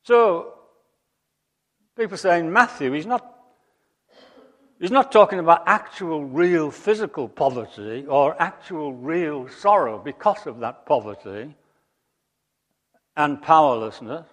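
A man preaching a sermon, emphatic, rising to loud high peaks and dropping to quiet asides. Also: animated, measured pace, long pauses. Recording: long hall reverb.

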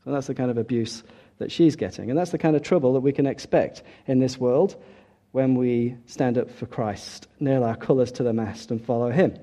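A man preaching a sermon, emphatic, dropping soft and then rising loud for key points. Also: medium pitch, normal speed.

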